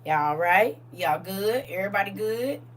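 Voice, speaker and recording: Here a middle-aged woman runs a casual online Bible study, her raspy, mid-range voice animated but at a normal speed. Chatty and quick to laugh, she talks directly to the people listening.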